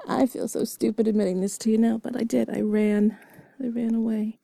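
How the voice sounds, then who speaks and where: A young woman murmurs a whispered role-play close to the mic, her breathy whisper carrying a gravelly edge. She is intimate and giggly and pokes fun at herself, and the sound is dry with no room around it. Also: fairly high pitch, animated, unhurried, dark tone, no echo. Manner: intimate, giggly and self-deprecating, mostly whispered. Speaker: audio role-play creator.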